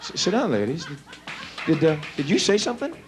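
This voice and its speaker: A man's voice: a little high, huge pitch swings, fairly quick. A man working as a stage hypnotist, giving playful commands to volunteers in front of a live theater audience. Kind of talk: live stage show patter.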